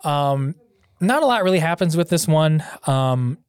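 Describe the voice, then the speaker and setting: Higher-voiced man, hesitant casual chat. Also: animated, unhurried, clear, resonant tone, dry recording. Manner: hesitant, full of fillers. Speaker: podcast co-host.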